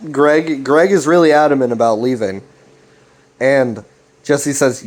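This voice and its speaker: A man's voice: medium pitch, unhurried. A young man casually recapping a web series, retelling the dialogue loosely with fillers and restarts.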